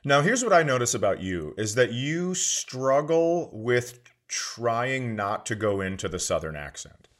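A man's voice: medium pitch, sing-song, unhurried, hardly any pauses, a bit bright. A man co-hosting a comedy podcast in casual chat, who teases his partner in a dry way. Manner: dry, teasing. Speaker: podcast co-host.

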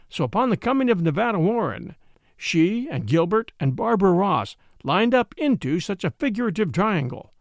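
Brief: male storyteller, expressive and wry, fairly high and animated. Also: creaky, no room sound, studio quality. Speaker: narrator. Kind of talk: dramatic story reading.

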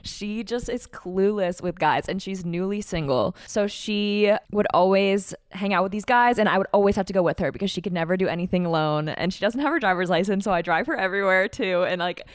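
A woman's voice: medium pitch, fairly quick, hardly any pauses, dry recording, studio quality. A twenty-year-old woman, a pop singer guesting on a podcast, talking casually with a sarcastic, candid manner and laughing at herself.

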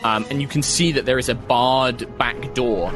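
A man's voice: mid-range voice, steady tone, normal speed, music in the background. A man narrating as game master, describing scenes with many fillers.

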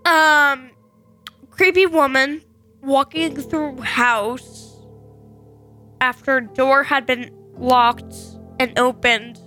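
A woman's voice: high voice, steady tone, very slow, pauses often, sharp tone, soft background music. A woman co-hosting a call-in show, chatting casually and giving short, dry replies. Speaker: co-host. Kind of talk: casual chat.

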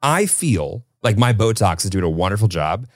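A man's voice: on the low side, big pitch swings, normal speed, dry recording, clean studio sound. A man in his thirties co-hosting a podcast, chatting casually with playful, self-deprecating banter. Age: 30s. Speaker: podcast co-host. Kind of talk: casual chat.

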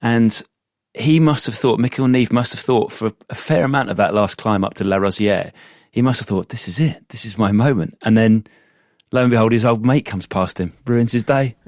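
A man's voice: medium pitch, normal speed, dry recording, clean studio sound. A man co-hosting a casual podcast, asking questions and recalling races. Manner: asks questions and recalls moments. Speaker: co-host.

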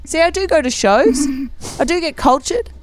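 A woman's voice: sits high, expressive, moderate pace, no room sound. Blunt woman with a raised voice. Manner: blunt, self-mocking, defensive. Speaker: radio show co-host. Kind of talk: casual studio banter.

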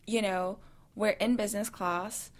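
A woman from South Africa, a guest telling an animated story with swearing and laughter in a casual chat. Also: medium pitch, unhurried.

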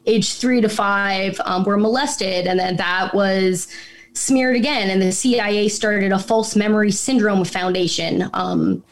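A woman's voice: mid-range voice, fairly even intonation, unhurried. A woman guest on a casual podcast chat who talks in a profane, rambling and incredulous way.

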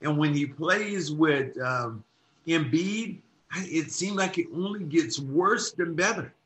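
Man, bright forceful voice, casual sports podcast, emphatic, animated when arguing. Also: fairly high pitch, takes it slowly. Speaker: podcast co-host.

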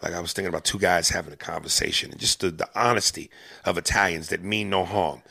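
A man hosting a podcast in casual chat, profane and excitable, tripping over his words. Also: low-pitched, fast, creaky, husky, dry recording, studio quality. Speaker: podcast host.

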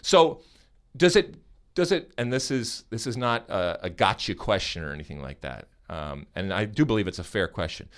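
Animated American man hosting a podcast. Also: lowish voice, moderate pace. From United States. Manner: animated and teasing, with many restarts. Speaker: podcast host. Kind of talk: casual podcast chat.

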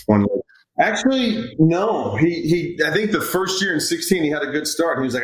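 A middle-aged hitting coach chats casually in an echoey room, his voice on the high side and his pace moderate. He rambles a bit while telling relaxed stories about players in an interview, acting out what they said.

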